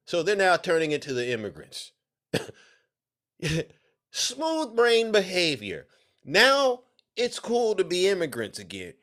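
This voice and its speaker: A man streaming live reaction commentary, mocking and animated with frequent exclamations. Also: fairly high pitch.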